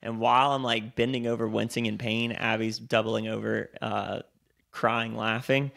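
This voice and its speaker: Gravelly-voiced man telling stories. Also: on the low side, moderate pace. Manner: animated storyteller, swears freely. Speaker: podcast co-host. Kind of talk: casual chat.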